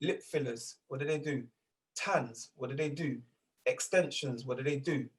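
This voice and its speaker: A man's voice: medium pitch, normal speed. A man in his thirties with a London accent, chatting as a guest in a casual interview, emphatic and full of slang. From England. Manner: animated, emphatic, full of street slang and repeated asides. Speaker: grime artist guest.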